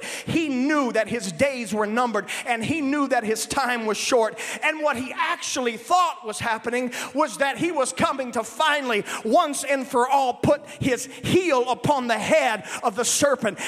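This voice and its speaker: High-voiced emphatic male preacher. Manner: emphatic, breaking into shouts, folksy retelling. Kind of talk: sermon. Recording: long reverb of a large hall.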